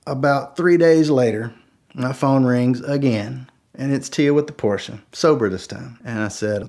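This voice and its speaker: A man's voice: mid-range voice, a little slow. A man telling a true story in a casual way, acting out the dialogue and saying "like" often. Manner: animated, acts out each line of dialogue, many "like" fillers. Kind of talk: casual spoken anecdote.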